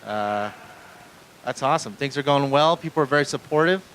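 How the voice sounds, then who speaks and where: A man's voice: medium pitch, a little fast, fairly bright tone, clear, resonant tone, rough recording. A man doing a live stand-up set in a small club, rambling and self-deprecating, swearing often and chatting with the crowd. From Mexican-American family. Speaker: stand-up comedian. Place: small comedy club stage.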